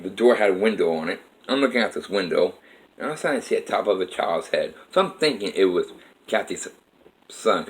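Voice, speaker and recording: A man's voice: sits low, fairly bright tone, low-quality recording. A man telling a personal life story to camera in a rambling, emotional way, with frequent restarts.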